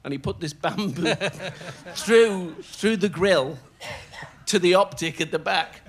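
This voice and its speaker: Older guy telling old showbiz stories on stage, keeps laughing, fairly high voice, does little voices for everyone. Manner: animated, often laughing while telling, doing quick voices of others. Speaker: comedian guest. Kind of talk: storytelling anecdotes in conversation. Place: on stage in a theatre before a live audience.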